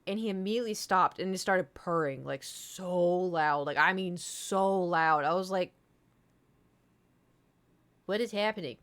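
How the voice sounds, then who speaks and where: A woman streamer with a fairly low, slightly bright voice talks a bit slowly with long pauses. Chatting casually to viewers, she tells a long, rambling story heavy on fillers and frank swearing.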